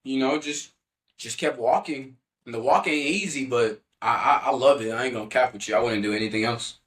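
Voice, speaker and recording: A man's voice: mid-range voice, brisk, fairly bright tone. A young man telling his faith testimony as a podcast guest in an earnest, loose way, full of casual fillers. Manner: earnest, loose, heavy on "you know" fillers.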